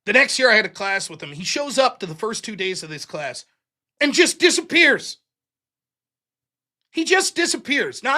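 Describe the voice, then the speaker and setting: A man with an extremely high-pitched voice, pushed and bright, hosts a live stream. He rambles through a long anecdote in casual, profane talk crowded with fillers.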